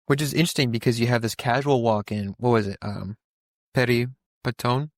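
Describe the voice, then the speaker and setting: A man's voice: mid-range voice, fairly even intonation, a little fast, dry recording, clean studio sound. A young man co-hosting a podcast, talking through a Bible passage in a casual, rambling way with many restarts and fillers. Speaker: podcast co-host.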